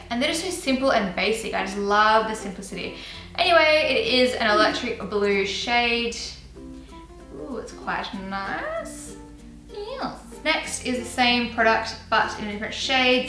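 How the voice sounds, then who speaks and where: A woman's voice: mid-range voice, pushed and bright, reverberant, poor audio. A young woman chatting casually and giggling as she shows and tries out makeup on her channel. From Australia. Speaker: beauty vlogger. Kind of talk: casual chat.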